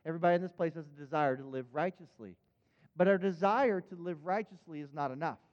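High-voiced preacher in an echoing hall. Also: male voice, fast. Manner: earnest, repeats words when starting phrases. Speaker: pastor. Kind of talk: sermon. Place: church sanctuary. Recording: dull, echoing church hall.

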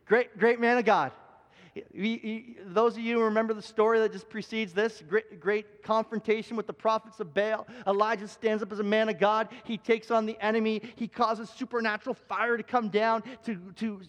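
Pastor, male, high voice, earnest and repetitive, preaching live in a church with a long hall echo. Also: little pitch movement, normal speed. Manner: earnest, repeats phrases for emphasis, frequent restarts. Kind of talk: live sermon. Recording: long reverb of a large hall.

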